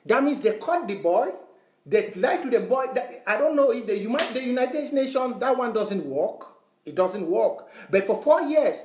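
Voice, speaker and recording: A man's voice: high voice, a little mellow. A man from Southern Cameroons, speaking to followers as an online activist in a fervent, lecturing, repetitive way. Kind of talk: impassioned address to followers. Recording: roomy echo.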